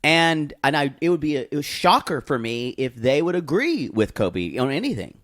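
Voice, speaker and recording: A man co-hosting a podcast in casual chat, talking with animated swings and restarts. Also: moderate pace. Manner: animated, jumps into high mimicking voices. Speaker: podcast co-host.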